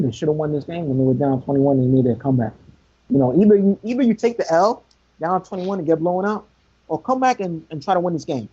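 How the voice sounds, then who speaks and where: A man talking sports on a podcast with emphatic, repetitive points. His voice is dark and husky. The audio is dull and lo-fi. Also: a little high. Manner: emphatic, repeats himself. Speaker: podcast co-host. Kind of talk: casual sports talk.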